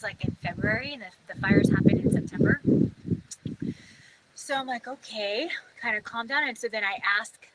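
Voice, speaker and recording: A woman's voice: on the high side, a bit bright, rough recording. A woman telling a personal story in a chatty, casual way, full of fillers, acting out her own past thoughts.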